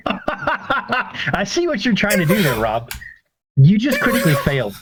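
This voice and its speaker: A man running a tabletop game as game master, relaxed and encouraging with his players. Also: sits high, a little slow, a little hiss or hum. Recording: dull lo-fi recording.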